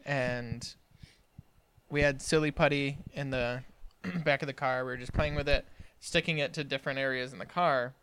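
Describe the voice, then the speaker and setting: A young man co-hosting a casual podcast, telling a childhood story with lively acted-out quotes and laughter. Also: mid-range voice, moderate pace, a little hiss or hum. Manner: animated storyteller, acts out quoted family voices and laughs through his story. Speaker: podcast co-host.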